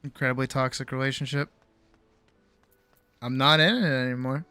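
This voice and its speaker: A man's voice: mid-range voice, steady tone, normal speed, pushed and bright, smooth, no echo. A young adult man streamer telling a personal story in casual chat, acting out both sides of the conversation and often restarting his words. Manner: frequent restarts and repeated words.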